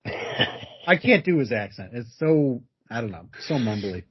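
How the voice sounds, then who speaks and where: A man co-hosting a podcast, laid-back and a bit hesitant, his husky voice set in a mid range. The recording is lo-fi and muffled. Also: mid-range voice, big pitch swings, unhurried. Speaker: podcast co-host. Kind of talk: casual chat.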